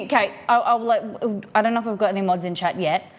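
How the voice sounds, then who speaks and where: A woman's voice: mid-range voice, fast talker. An Australian woman livestreaming from her home office, chatting casually and rambling as she reads out viewers' messages.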